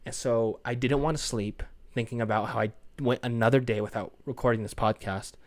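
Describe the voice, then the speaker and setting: A man's voice: medium pitch, fairly even intonation, brisk, no echo. A tired young man hosting his own podcast, rambling in casual chat, swearing freely and apologizing for himself. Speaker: podcast host.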